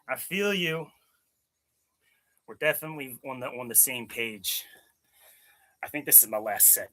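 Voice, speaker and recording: A young man from Maryland with a bright, forceful tone talks loosely between sets. He rambles, swears freely and answers his chat as if among friends. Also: mid-range voice, expressive, measured pace, long pauses. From Maryland, USA. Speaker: fitness vlogger. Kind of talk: casual chat with live chat during workout. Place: home gym.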